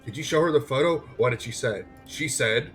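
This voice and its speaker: A man's voice: mid-range voice, brisk, fairly bright tone, faint music behind, lightly acted. A man reading the lines of a lonely, well-off young man from a game who wants a friend, in his own everyday voice. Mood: earnest. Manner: plain read-aloud, no put-on voice.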